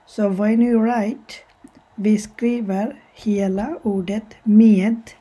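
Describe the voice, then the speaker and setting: A woman's voice: mid-range voice, steady tone, slow pace, warm tone, slightly rough, poor audio. A woman teaching a language lesson step by step, patiently repeating each example and translating it, sometimes correcting herself.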